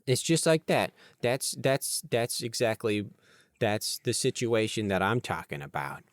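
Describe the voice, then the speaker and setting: A man hosting a podcast alone, rambling playfully and thinking out loud at his desk. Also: lowish voice, sing-song, a little slow, dry recording, studio quality. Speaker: podcast host. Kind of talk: casual solo podcast talk.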